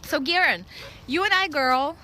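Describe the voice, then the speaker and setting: A woman in her thirties with a Russian accent, talking blunt and excitable in a casual outdoor vlog, laughing often. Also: high voice, unhurried, a little hiss or hum, rough recording. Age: 30s. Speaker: vlogger. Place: outdoors at a dog park.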